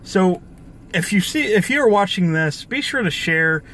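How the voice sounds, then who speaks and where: A man's voice: high-pitched, expressive, measured pace, a bit bright, slight background noise. A young man hosting his own gaming channel, ranting angrily about the industry, profane and full of restarts. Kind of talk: ranting video commentary.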